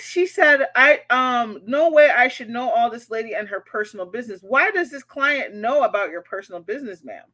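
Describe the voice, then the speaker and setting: A woman's voice: mid-range voice, a bit bright. A woman therapist on her vlog, bluntly and indignantly picking apart a post and swearing freely. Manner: indignant ranting. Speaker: therapist reacting to a social media post. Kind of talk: reaction vlog commentary.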